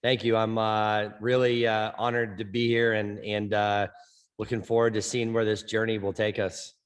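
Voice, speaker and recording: Low, flat-voiced man who stutters. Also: moderate pace, clear, resonant tone. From Orange County, California. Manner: stutters, with many repeated words and fillers. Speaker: head softball coach, guest. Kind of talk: podcast interview.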